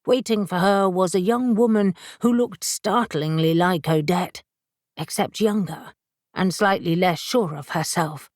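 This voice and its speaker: Slow, measured woman audiobook narrator. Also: medium pitch, no room sound, studio quality. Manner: measured, voicing each character. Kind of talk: scripted narration.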